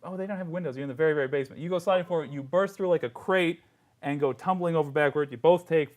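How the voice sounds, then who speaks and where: Animated male game master. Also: a little high, fast talker. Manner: animated storytelling, laughs often. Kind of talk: narrating a tabletop game.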